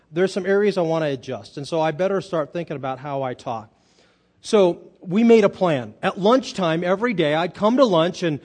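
Male pastor, high-pitched voice, storytelling sermon with emphatic climaxes. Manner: storytelling, builds to loud emphatic peaks.

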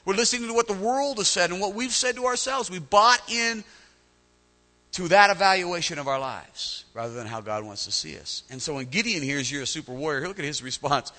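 A male pastor preaching a sermon, animated, often repeating words as he starts a phrase. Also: high voice, a little fast, big-room sound.

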